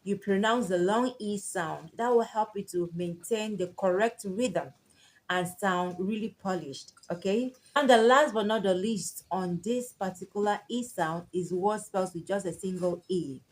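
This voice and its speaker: A woman of medium pitch gives an unhurried English pronunciation lesson. She spells each example word out letter by letter and says it again with its long vowels drawn out for emphasis. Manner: spells words letter by letter and repeats them; stretches target vowels for emphasis. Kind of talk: slow, deliberate pronunciation lesson.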